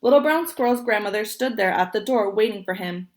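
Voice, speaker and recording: A young woman reading a picture book aloud, gentle and expressive, pausing to point at the pictures. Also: mid-range voice. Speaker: storybook reader.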